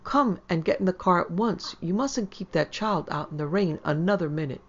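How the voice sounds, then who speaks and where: A woman reading the lines of a proud, brisk city wife who has moved to the country, in a prim, commanding manner. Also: low-pitched, creaky, a little mellow, exaggerated voice. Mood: urgent, scolding. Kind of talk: audiobook character voice. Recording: slightly dull lo-fi audio.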